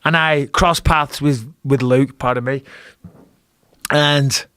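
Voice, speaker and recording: A middle-aged man telling a fight story in a casual podcast chat, animated and profane, with frequent restarts. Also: medium pitch, takes it slowly, clean tone, no echo, clean studio sound. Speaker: guest, retired fighter and commentator.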